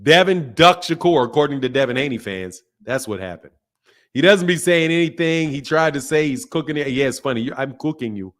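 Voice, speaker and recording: A man's voice: mid-range voice, expressive, fairly quick. Blunt, profane man hosting a call-in. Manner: blunt, profane, laughing, teasing callers. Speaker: boxing talk show host. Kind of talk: casual live call-in chat.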